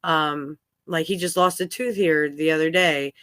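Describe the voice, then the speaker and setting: Bright-voiced woman hosting candid talk. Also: sits low, steady tone, measured pace, smooth, no room sound, clean studio sound. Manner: rambling, open, with frequent fillers. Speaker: podcast host.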